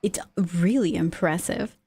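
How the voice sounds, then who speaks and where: A woman's voice: fairly low pitch, unhurried, creaky, warm tone, husky. A woman streaming live, chatting casually and reacting to her chat's messages. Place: lives in the United States.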